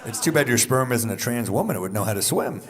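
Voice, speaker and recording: A man in his thirties doing a stand-up set with dry, deadpan one-liners on a handheld stage mic. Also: mid-range voice, fast talker, heavy background noise. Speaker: stand-up comedian.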